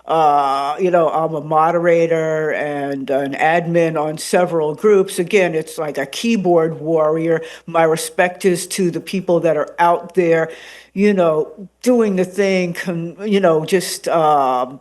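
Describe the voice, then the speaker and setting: Animated woman rambling with many fillers. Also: sits low, slow pace. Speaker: radio host and podcaster, guest. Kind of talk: casual interview chat.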